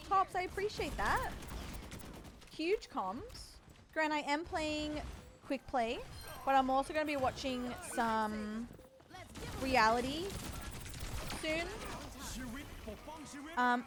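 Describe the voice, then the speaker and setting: Woman, high voice, casual gaming chat, playful, tired, swears now and then. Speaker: streamer.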